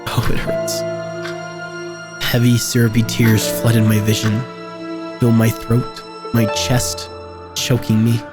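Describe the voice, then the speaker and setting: A man reading a horror game aloud, with quiet reactions between passages, over game music. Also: mid-range voice. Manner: slow, flat narration with quiet reactions. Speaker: gameplay video host.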